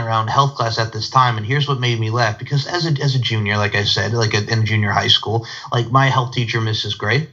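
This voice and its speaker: Bright-voiced rambling male host. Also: medium pitch. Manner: rambling, digressive storyteller who laughs often. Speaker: podcast host. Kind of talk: casual interview chat. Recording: dull lo-fi sound.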